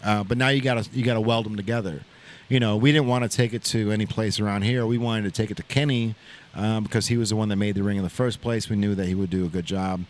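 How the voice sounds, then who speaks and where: A man's voice: lowish voice, steady tone, fast. A man hosting a podcast, telling a long casual story in a rambling way, full of "like" and "bro", recorded in an open shop. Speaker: podcast host. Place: open shop at a riverside shopping center.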